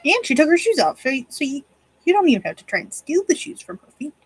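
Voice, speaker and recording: A woman's voice: high voice, big pitch swings, fast talker, dry recording, poor audio. A woman streamer chatting casually while she crochets at home, talking fondly and teasingly to her cat. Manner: fond, teasing talk to her pet cat. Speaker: crafting streamer.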